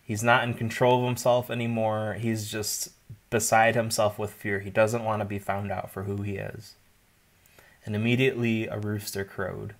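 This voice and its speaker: A man's voice: on the low side, flat delivery, moderate pace. A man, likely a pastor, giving an informal Bible teaching, explaining in a conversational way with asides.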